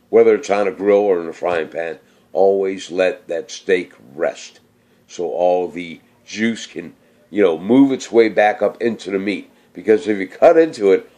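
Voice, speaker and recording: Middle-aged male vlogger, low-pitched, slightly slurred, hesitant, casual chat. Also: darkish tone. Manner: rambling, hesitant, many fillers. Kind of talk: casual cooking chat and viewer shout-outs.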